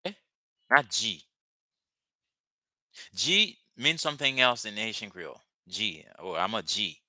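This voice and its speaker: A man's voice: lowish voice, sing-song, normal speed, bright, forceful tone, no echo, clean studio sound. A man teaching a live language lesson, patiently repeating words and phrases for his students.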